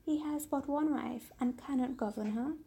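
A woman's voice: high-pitched, normal speed, mellow. Woman reading as a boastful rooster. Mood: scornful.

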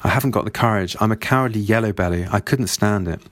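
A weary, philosophical old servant, as a man reads him aloud, speaking in a measured, grave way. The voice sits low, and the recording is dry and close. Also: no room sound, lightly acted. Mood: anguished. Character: older male household servant, weary, philosophical.

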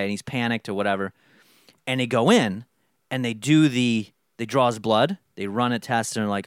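A young man in casual chat, rambling through a movie pitch and acting out the lines of its characters. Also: fairly quick, clean tone, dry recording, clean studio sound. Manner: rambling storyteller, acts out quotes. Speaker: podcast co-host pitching a movie idea.

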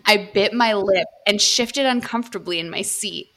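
Young woman reading a spicy story out loud on a podcast, bright sharp voice, keeps cracking up. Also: medium pitch, moderate pace.

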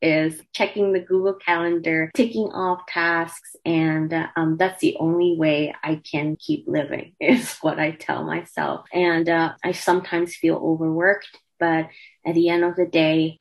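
A woman's voice: low-pitched, little pitch movement, unhurried, low-quality recording. A young woman from Myanmar, a student activist, speaking earnestly and with feeling as an interview guest, with frequent fillers. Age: young adult. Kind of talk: emotional interview conversation.

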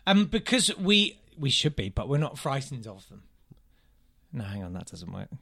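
A man's voice: mid-range voice, big pitch swings, normal speed, creaky, sharp tone, breathy edge. A man co-hosting a comedy podcast, telling jokey stories and mimicking people along the way. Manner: jokey storyteller, mimics people mid-story. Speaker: podcast co-host. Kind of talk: casual comedy chat.

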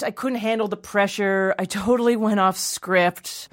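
Casting: woman, comic storyteller, animated, acts out voices. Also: medium pitch, moderate pace.

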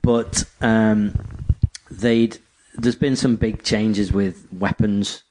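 A man's voice: fairly low pitch, extremely slow, a little hiss or hum. A man, chatting casually as a podcast co-host and telling rambling stories. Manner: rambling, animated storytelling with acted quotes. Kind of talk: casual chat.

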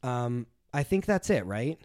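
A woman's voice: extremely low pitch, a little slow. Young woman retelling a scene, full of "like". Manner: swears freely, animated retelling with many "like" fillers. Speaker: podcast co-host. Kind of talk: casual chat, reenacting reality TV scenes.

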